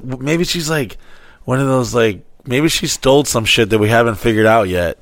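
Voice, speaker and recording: A man with a gravelly, fry-laden voice rambles through crude stories on a home podcast, cursing freely. His voice sits at an everyday middle pitch. The sound is close and dry, spoken straight into a headphone mic. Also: normal speed, no echo. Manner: profane, rambling, animated storyteller. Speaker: podcast co-host. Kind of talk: crude casual storytelling.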